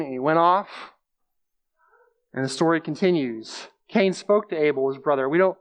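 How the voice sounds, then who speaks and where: A man's voice: fairly high pitch, normal speed. A man giving a conversational sermon, explaining scripture plainly and repeating key phrases for emphasis. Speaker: preacher.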